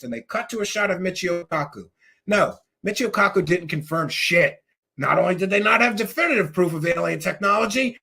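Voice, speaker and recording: A man hosts a heated commentary rant, sarcastic and scornful, sometimes raising his voice to a shout. His voice sits high and bright, with a gravelly, husky edge. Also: normal speed. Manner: angry, mocking, sarcastic, shouts at times. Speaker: host. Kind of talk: ranting commentary.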